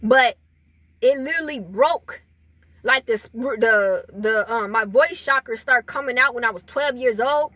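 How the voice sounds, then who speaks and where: A woman with a high, bright voice gives a casual spiritual reading straight to her viewers. She rambles in a loose, chatty way, piling up fillers and breaking into laughs. The sound is dry and close, with no room echo. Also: unhurried. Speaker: spiritual reader.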